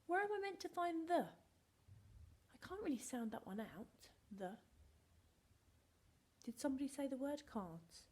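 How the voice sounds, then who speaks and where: Slow, sing-song woman teaching phonics. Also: high voice, very animated, a little mellow. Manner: slow, sing-song, sounding out words letter by letter; playful, pretends to need the children's help. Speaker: primary school teacher. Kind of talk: recorded phonics lesson for young children.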